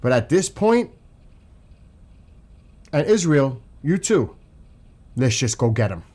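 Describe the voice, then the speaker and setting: A man from New York with the accent to match, livestreaming political commentary straight to his chat. He rants with raw emotion and frequent swearing, sounding fired up and blunt. His voice sits at an everyday middle pitch for a man. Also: very animated, slow pace, mellow. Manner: angry, profane, emotional ranting. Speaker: livestream host.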